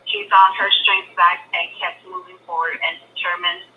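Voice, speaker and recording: A woman's voice: fairly low pitch, little pitch movement, normal speed, sharp tone, muffled recording, slight background noise. A woman guest on a live stream, speaking earnestly and with heartfelt emphasis. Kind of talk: casual live-stream chat.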